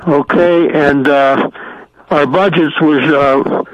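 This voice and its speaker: Fairly high-voiced man calling in. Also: steady tone, slow pace, no room sound, dull audio. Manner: hesitant, stumbling. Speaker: radio caller. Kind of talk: phone-in announcement.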